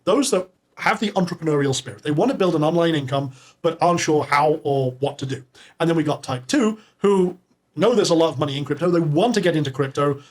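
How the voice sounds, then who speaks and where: A man hosting a live online webinar, upbeat and salesy, reading names from the chat and pitching to viewers. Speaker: webinar host.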